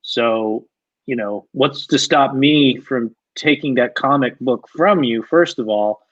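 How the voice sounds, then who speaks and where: A man's voice: medium pitch, slow pace, a bit bright, dry recording. A man improvising a scene, talking in restarts and repeats. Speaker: improv performer. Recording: dull lo-fi dry sound.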